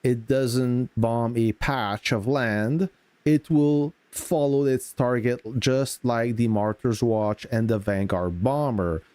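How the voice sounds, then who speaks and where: A man hosting a game live stream, greeting chat viewers and explaining game mechanics in relaxed casual talk. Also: medium pitch, takes it slowly, no room sound.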